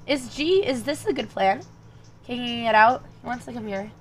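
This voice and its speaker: A young woman with a slightly high voice talks through her chess moves as she streams. She mutters lines and calculations to herself, then turns to chat with her viewers in louder, animated bursts. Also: measured pace, slight background noise. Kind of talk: thinking aloud while playing chess online.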